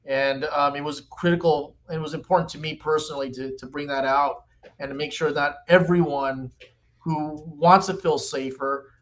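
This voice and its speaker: Man, fifties, fairly high voice, animated, executive guest, podcast interview. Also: normal speed. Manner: animated storyteller, pitchy.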